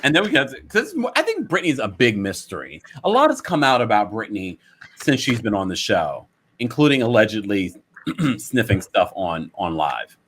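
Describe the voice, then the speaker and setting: A man hosting a reality-show recap, chatting in a gossipy, teasing way with quick asides. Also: lowish voice, huge pitch swings, a bit bright, a little hiss or hum. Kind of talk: gossipy casual chat.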